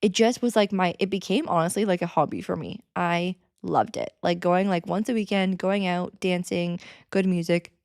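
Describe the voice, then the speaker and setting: A woman in her thirties telling a personal story in a chatty, excitable way with lots of fillers, as a podcast host. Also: on the low side, normal speed, no room sound, studio quality. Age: 30s. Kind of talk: casual storytelling.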